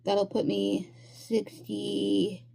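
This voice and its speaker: A woman's voice: mid-range voice, completely flat delivery, very slow, gravelly, warm tone, slightly rough. A woman giving casual reading updates in a vlog from home, easygoing and rambling with lots of fillers. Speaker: reading vlogger.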